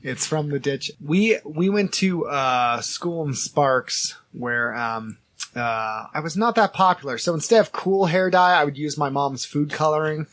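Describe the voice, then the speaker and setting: Brief: male podcast host, 30s, lively raconteur, slightly higher-pitched, quick to laugh. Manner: animated, laughing storyteller. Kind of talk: casual storytelling chat.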